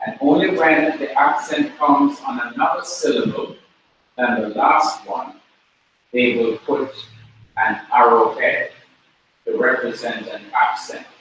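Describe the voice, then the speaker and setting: Slow, drilling teacher in an echoey classroom. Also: male voice, medium pitch, steady tone, a bit bright. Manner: slow, repeats words for drilling. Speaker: Hebrew teacher. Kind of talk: classroom lecture. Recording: very echoey room, mic far off, faint noise.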